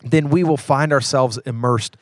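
Male co-host, thirties, mid pitch, earnest storyteller, dry close sound. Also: normal speed, dry recording. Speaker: podcast co-host. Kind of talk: casual chat.

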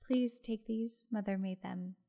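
A gentle young mother with a soft, earnest, shy way of speaking, voiced by a woman reading a storybook. Her words come quietly and heartfelt. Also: medium pitch, steady tone, a little slow, gravelly.

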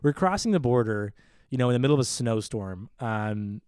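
A man co-hosting a podcast, telling a long story in casual, animated chat that stammers and restarts often. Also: mid-range voice, fairly quick, clear, resonant tone, no echo, clean studio sound. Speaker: podcast co-host.

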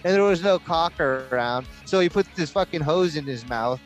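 A man in casual conversation, riffing with crude jokes and quick agreement. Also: on the high side, expressive, dull audio, faint music behind. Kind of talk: casual profane banter.

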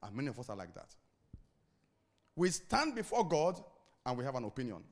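A man's voice: mid-range voice, big pitch swings, a little fast. A man preaching a sermon as pastor, repeating key phrases and putting questions to the congregation for them to answer. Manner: asks the congregation call-and-response questions.

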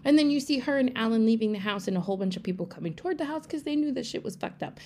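A woman giving a rapid, casual, run-on plot recap for a podcast, peppered with profanity. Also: a little high, expressive, mellow. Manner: breathless run-on storytelling, profane. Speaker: podcast segment presenter.

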